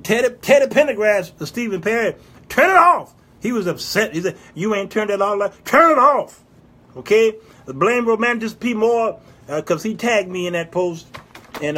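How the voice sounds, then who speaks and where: Hosting a casual live-stream advice show, this man is animated and teasing, reading viewer comments aloud and answering them, with sudden loud outbursts. His voice is high-pitched, and there's slight noise in the background.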